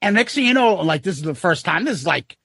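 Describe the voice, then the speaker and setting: A man hosting a podcast who tells an excitable story in casual chat and acts out the people he quotes. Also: high-pitched, fast, creaky, breathy edge, no echo, studio quality. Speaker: podcast host.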